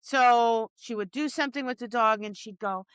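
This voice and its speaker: A woman dog trainer co-hosting a podcast, chatting casually. Her voice is bright and a touch high. She tells animated stories full of acted-out quotes, and the close mic sounds dry. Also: normal speed, clear, resonant tone, no room sound. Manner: animated storytelling with acted-out quotes, many restarts. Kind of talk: casual chat.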